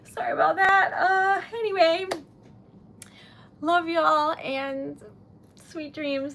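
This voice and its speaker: A young woman with a twang talks slowly to her livestream viewers late at night, laughing often and getting teary as she thanks them. Her voice sits high and is wearing thin and hoarse. Faint noise hums under the recording. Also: fairly even intonation, a bit bright. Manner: giggly, emotional, tearful gratitude. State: losing her voice. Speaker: livestream host. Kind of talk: casual livestream chat. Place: home at midnight.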